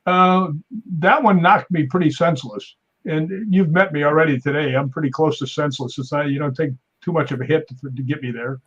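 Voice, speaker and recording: A man in his fifties, a stuntman guest on a talk show, telling animated anecdotes with sound effects and chuckles. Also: fairly high pitch, brisk, breathy edge. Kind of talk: casual interview storytelling. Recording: dull lo-fi sound.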